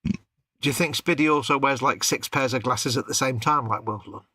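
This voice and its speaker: A man's voice: medium pitch, pushed and bright, husky. A man co-hosting a live hobby stream, chatting casually with playful interjections. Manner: playful, quick interjections and laughter. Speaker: co-host of a live modelling stream. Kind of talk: casual chat.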